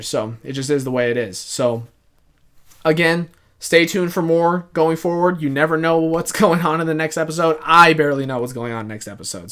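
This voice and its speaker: A man's voice: fairly high pitch, a bit bright, smooth. A young man giving rambling, casual commentary over a racing game he hosts, often laughing between thoughts. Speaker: gaming channel host.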